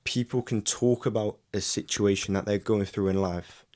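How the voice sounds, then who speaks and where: A man's voice: fairly low pitch, steady tone, moderate pace, darkish tone. A young man in a casual, reflective vlog monologue, speaking earnestly with frequent "like" fillers and restarts. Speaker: YouTuber.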